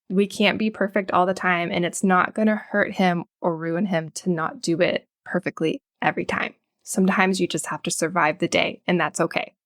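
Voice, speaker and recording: A woman, a child psychologist speaking as a podcast guest, calm and reassuring as she explains. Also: medium pitch, no room sound, clean studio sound. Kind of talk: podcast interview.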